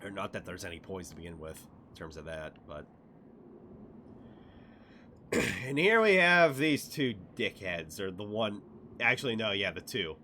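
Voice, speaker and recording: Man, game streamer, casual commentary, swearing, very bright voice, faint background hiss. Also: lowish voice, unhurried, long pauses. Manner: profane, excitable, laughing often.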